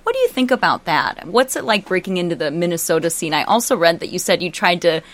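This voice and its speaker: A woman's voice: fairly low pitch, sing-song, fast talker. A woman interviewing a restaurant owner, asking encouraging questions with some fillers. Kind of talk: conversational interview.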